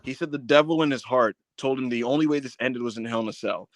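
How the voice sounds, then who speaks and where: A man's voice: mid-range voice, fast talker, dry recording. A man co-hosting a wrestling review podcast in loose, slangy banter, laughing often. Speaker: podcast co-host. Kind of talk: casual wrestling review chat.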